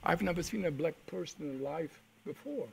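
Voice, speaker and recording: An older man from Poland, giving a first-person testimony as a survivor, telling his story vividly with halting restarts and repeated words. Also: on the high side, lively intonation, vocal fry, darkish tone, husky. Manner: vivid storytelling that acts out the voices of people he quotes.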